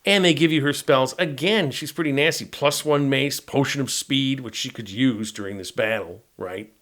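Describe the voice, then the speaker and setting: A man's voice: medium pitch, moderate pace, a bit bright. A middle-aged man and tabletop game master, explaining a game module in a casual, rambling walkthrough that he often punctuates with "right?". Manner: rambling, conversational, with frequent "right?" tags.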